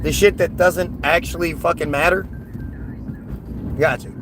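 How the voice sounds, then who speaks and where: A man's voice: fairly high pitch, steady tone, unhurried, noisy background. A man livestreaming a heated, agitated rant, scornful and repetitive as he answers his chat. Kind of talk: heated live-stream rant.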